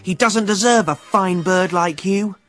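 A man's voice: high voice, normal speed, darkish tone, faint music behind, voice pushed up, natural voice. A man voicing an earnest young boy who calls out eagerly in a storybook reading. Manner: earnest, calling out.

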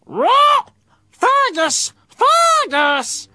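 A man's voice: very high-pitched, sing-song, extremely slow, pushed and bright, no echo, clean studio sound, voice pushed up, full character voice. A man voicing a frantic female parrot who squawks and repeats one word in a storybook reading. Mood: frantic squawking.

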